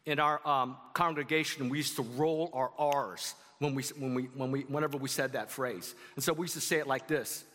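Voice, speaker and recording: A man's voice: medium pitch, steady tone, normal speed, hardly any pauses, fairly bright tone, long reverb tail. A man preaching a sermon to his congregation in a conversational way, with asides to the audience. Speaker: pastor. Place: church sanctuary.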